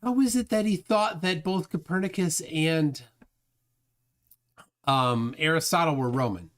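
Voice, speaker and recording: A man's voice: a little high, a little slow, fairly bright tone. A man hosting a casual livestream, reading viewer comments aloud and rambling with lots of fillers. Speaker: livestream host reading chat.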